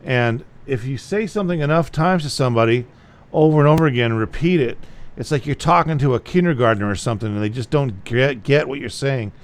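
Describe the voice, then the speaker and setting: A man's voice: mid-range voice, brisk, few pauses. A man giving a casual guitar lesson, talking bluntly and repeating himself to drive a point home. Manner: blunt, repetitive, plain-spoken. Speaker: guitar teacher.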